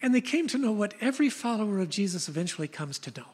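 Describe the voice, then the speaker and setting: An older woman pastor preaching a sermon, telling stories in an animated way. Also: mid-range voice, fast talker, husky, in a large hall. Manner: storytelling, animated retelling of scenes.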